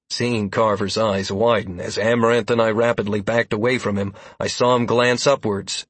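A man narrating a first-person fantasy audiobook in a steady, dramatic reading. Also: medium pitch, no echo.

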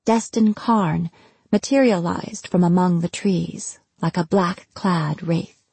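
Husky woman reading a storybook. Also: on the low side, takes it slowly, mellow, dry recording. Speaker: audiobook narrator. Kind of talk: scripted narration.

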